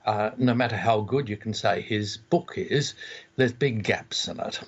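An older Australian theologian being interviewed from far away, speaking in a measured way with frequent pauses. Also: male voice, lowish voice, breathy edge. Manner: measured, with many ums and uhs. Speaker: theologian guest. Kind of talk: interview over a phone line. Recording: muffled phone line.

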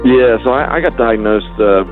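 A man, a musician guest, speaking candidly in casual interview chat, halting often with fillers. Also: mid-range voice, faint music behind. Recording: dry, phone-like sound.

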